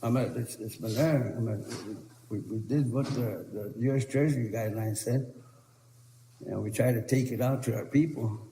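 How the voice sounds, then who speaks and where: A man's voice: medium pitch, normal speed, mellow, slight background noise. Pleading man in an echoey council chamber. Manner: earnest, pleading, repeats himself. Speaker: tribal council representative. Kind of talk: council meeting debate.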